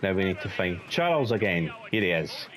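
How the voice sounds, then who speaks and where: Scottish man, let's play host, low voice, chatty and rambling. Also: big pitch swings, a little fast, a bit bright. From Scotland. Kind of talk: casual game commentary.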